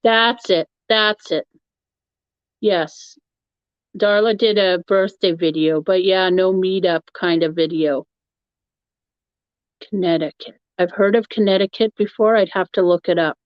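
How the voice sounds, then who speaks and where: A woman's voice: on the low side, fairly even intonation, measured pace, pauses often, dry recording. A woman hosting a live stream, chatting casually with her viewers and laughing often as she rambles. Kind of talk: casual chat answering a live chat. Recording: dull, lo-fi, dry sound.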